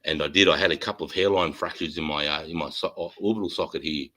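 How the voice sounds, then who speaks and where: Animated Australian man with a bright voice. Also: rumbling low, fast talker, low-quality recording. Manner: animated, swears heavily. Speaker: host. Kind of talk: casual chat, storytelling.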